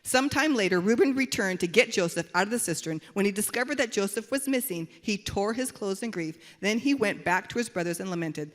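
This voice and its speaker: A woman's voice: mid-range voice, fairly quick, hardly any pauses. Woman pastor preaching in a reverberant hall. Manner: animated, dramatic storytelling with acted quotes. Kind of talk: sermon with storytelling. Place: church auditorium.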